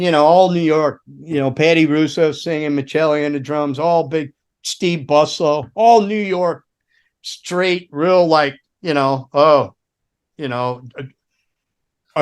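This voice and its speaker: Here a middle-aged American ex-roadie speaks a little high, slowly and smoothly. It's a laid-back podcast chat full of rambling, foul-mouthed road anecdotes, with him animatedly acting out each quote.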